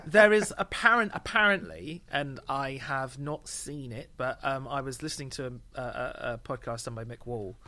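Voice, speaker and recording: A man's voice: mid-range voice, normal speed, hardly any pauses, sharp tone. A man on a podcast, casually chatting about an album with dry, sweary humour and laughter. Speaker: podcast co-host. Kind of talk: casual chat reviewing an album.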